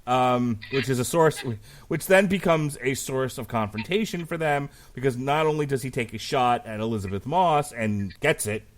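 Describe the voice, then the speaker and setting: A man's voice: mid-range voice, moderate pace. A man hosting a podcast who steers the conversation and retells plot loosely, swearing casually. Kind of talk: casual chat.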